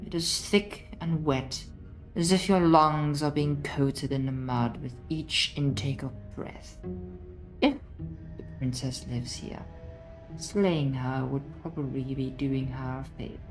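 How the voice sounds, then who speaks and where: Woman voicing a stern, low game narrator. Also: fairly even intonation, slow, over music, low-quality recording. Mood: ominous. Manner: commanding, insistent. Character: stern female narrator urging a princess slaying. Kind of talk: reading a game aloud.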